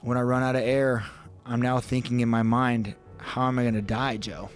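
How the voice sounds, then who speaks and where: A man's voice: medium pitch, flat delivery, normal speed, soft background music. A man on a podcast retelling a frightening survival story, reenacting his own panic with intense energy. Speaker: podcast guest. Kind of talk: dramatic storytelling.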